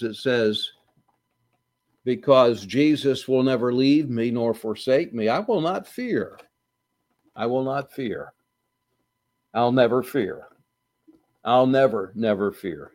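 A man preaching a sermon, slow and deliberate, building to emphatic repetitions. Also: mid-range voice, darkish tone. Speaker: pastor.

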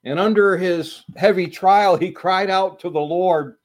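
Slow-preaching man, higher voice. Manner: slow and deliberate, building to emphatic repetitions. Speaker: pastor. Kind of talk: sermon.

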